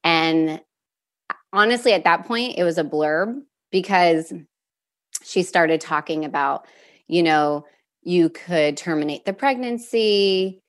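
Young adult woman, guest storyteller; somewhat low pitch, earnest and open, frequent fillers and restarts. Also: slow pace. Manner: emotional at moments, with nervous laughs. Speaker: guest sharing a personal story. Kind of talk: candid conversational storytelling.

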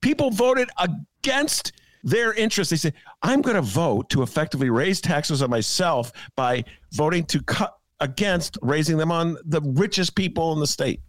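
A man's voice: on the high side, animated, normal speed, no echo. A man co-hosting a political podcast, ranting sarcastically about the week's news. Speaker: podcast co-host. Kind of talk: casual political commentary.

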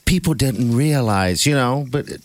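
A man's voice: mid-range voice, expressive, normal speed. A man hosting a morning radio show in an easygoing way, keeping the others talking with short replies. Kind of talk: casual morning radio chat.

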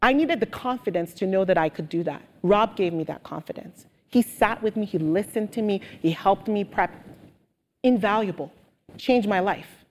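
A woman guest speaker telling stories with animated energy in a live on-stage interview. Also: mid-range voice, normal speed. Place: auditorium with audience. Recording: long hall reverb.

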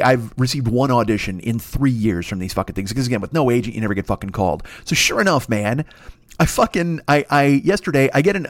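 A man hosting a solo comedy podcast, ranting in a profane, exasperated way that climbs into high indignant bursts. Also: dry recording. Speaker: podcast host.

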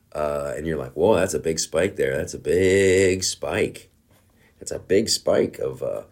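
A middle-aged man hosting a comedy podcast, ranting in a profane, worked-up way and breaking into loud outbursts. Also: sits low. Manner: mumbling around a guitar pick in his mouth. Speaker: podcast host. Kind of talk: casual comedic political rant.

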